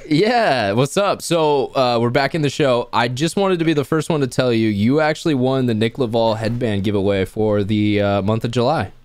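Smooth-voiced young man hosting a podcast. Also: medium pitch, normal speed, few pauses, darkish tone, no room sound. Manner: friendly, rambling, says "uh" and "you know" often. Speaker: podcast host. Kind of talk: casual podcast chat.

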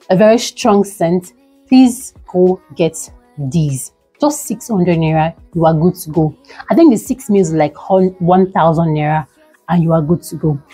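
A woman's voice: lowish voice, dark tone, slightly rough, rough recording. A young Nigerian woman in a product review vlog, talking dramatically and gushing, pleading again and again, sitting indoors by a window. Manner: dramatic and gushing, repeats pleas. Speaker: beauty vlogger.

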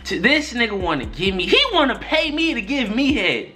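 A young man telling a story-time vlog in an exasperated, profane, animated way. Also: very high-pitched, moderate pace, faint music behind. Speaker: YouTuber.

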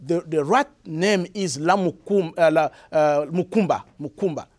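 Young Congolese man, French accent, slightly high voice, hesitant guest answers. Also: a little mellow. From Republic of the Congo. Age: young adult. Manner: halting, many restarts and fillers. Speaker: guest musician. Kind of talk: interview answers.

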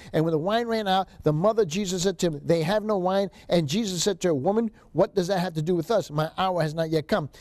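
A man's voice: high voice, darkish tone, no echo. A male seminary lecturer teaching a Bible survey class, reading scripture aloud and repeating key phrases for emphasis.

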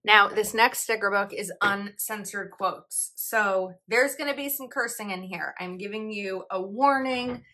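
A woman's voice: mid-range voice, unhurried, hardly any pauses, sharp tone. A woman in her thirties, a planner vlogger, chatting casually and giggling as she reads sticker quotes aloud. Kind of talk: casual product review, reading sticker quotes.

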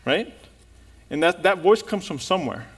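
A male pastor preaching a sermon, lively and animated, firing rhetorical questions and laughing with the congregation. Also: high-pitched, moderate pace, slightly rough.

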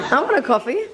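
A young woman chatting excitedly to camera in a casual vlog, giggly and talkative. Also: a little high. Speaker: vlogger.

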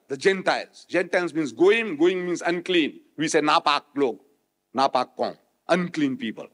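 A man's voice: a little high, animated, moderate pace. Man lecturing with dramatic rhetorical swings. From South Africa. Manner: dramatic, rhetorical questions, swings from loud to quiet. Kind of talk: public religious lecture. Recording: echoey hall, old remastered recording.

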